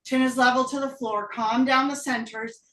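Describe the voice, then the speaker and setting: Yoga teacher lady, breathless, calls counts fast, sounds far off the mic in an echoey room. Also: high-pitched. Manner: brisk, energetic calling of breath counts. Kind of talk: live online yoga class cues. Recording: roomy echo, voice from a distance.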